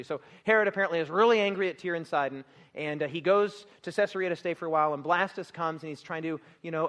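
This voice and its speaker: A man preaching a sermon, lively and jokey, acting out scenes and laughing often. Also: a little high, fast talker.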